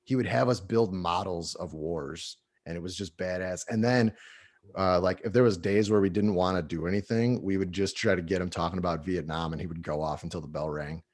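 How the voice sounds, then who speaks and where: A man in his thirties with a fairly low voice, talking as a podcast guest. He tells his stories in a loose, profane, animated way. The talk is a casual comedy chat. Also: a little fast.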